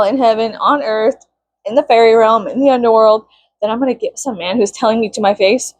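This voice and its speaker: A woman's voice: fairly high pitch, a little fast, a little mellow, no echo. A young woman vlogging casually, venting with lots of swearing and bursts of mock-outraged shrieking.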